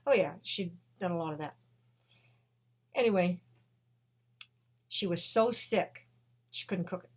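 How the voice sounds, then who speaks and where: A woman telling a personal story with emotion, swinging between hushed and loud. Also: on the low side, unhurried, pauses often.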